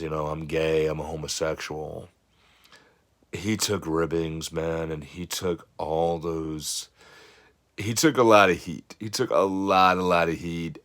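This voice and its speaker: A man's voice: deep voice, fairly bright tone. A man who coaches fitness, giving an earnest, rambling motivational talk to camera, full of "you know" and "I mean" fillers. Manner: earnest, rambling, many 'you know' fillers.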